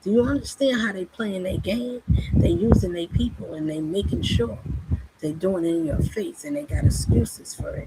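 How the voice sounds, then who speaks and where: A woman with a medium-pitched, lively voice preaches fervently at a normal pace, pushing her listeners with rhetorical questions throughout her monologue. Loud noise fills the background.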